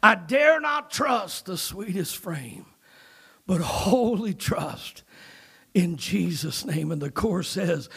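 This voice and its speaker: Preacher guy, high gravelly voice, slow delivery, whispers then shouts. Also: big pitch swings. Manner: swings from hushed whispers to shouted climaxes; repeats "amen" and "uh" often. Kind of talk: sermon.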